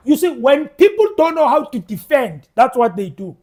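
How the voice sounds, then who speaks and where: A man's voice: extremely high pitch, big pitch swings, normal speed, hardly any pauses, a little mellow. A South African man giving passionate political commentary to his viewers, stammering through restarts and speaking straight to the audience. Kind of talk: opinionated commentary to camera.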